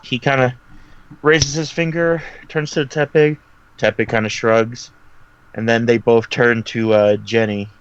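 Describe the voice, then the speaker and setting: A man's voice: mid-range voice, steady tone, unhurried, lo-fi sound, noisy background. A man playing a tabletop role-playing game, casually describing what his character does. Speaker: player.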